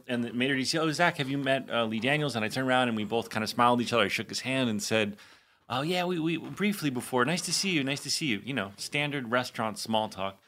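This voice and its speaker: A man in his forties co-hosting a podcast, telling a story in casual chat with fillers and restarts. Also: mid-range voice. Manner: animated, acts out quotes, many fillers and restarts. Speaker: podcast co-host.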